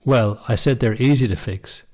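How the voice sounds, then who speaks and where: A man's voice: medium pitch, moderate pace, darkish tone, husky, natural voice. A man reading as a plain-spoken young handyman. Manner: plain, practical.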